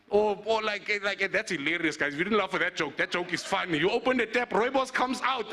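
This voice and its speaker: South African man, comic speaker at an awards night, high and bright-voiced. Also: fairly quick, few pauses. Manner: animated storytelling. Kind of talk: comic motivational speech.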